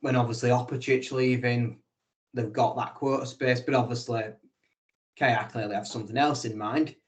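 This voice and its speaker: A man's voice: mid-range voice, steady tone, moderate pace. A man co-hosting a casual sports podcast, teasing his co-host and working through theories in a wry, analytical way. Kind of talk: casual chat.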